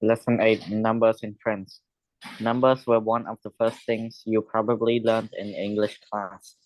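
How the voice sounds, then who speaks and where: Guy reading out a lesson text, careful and even, dry close mic. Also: on the low side, no room sound, rough recording. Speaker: student reading a lesson aloud.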